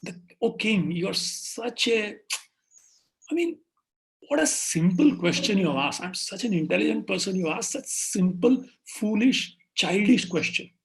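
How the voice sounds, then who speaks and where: A man's voice: high-pitched, sing-song, a little fast, creaky, pitched above the performer's own voice, full character voice. A man voicing a boastful but frightened male royal priest who pleads and blusters. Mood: blustering.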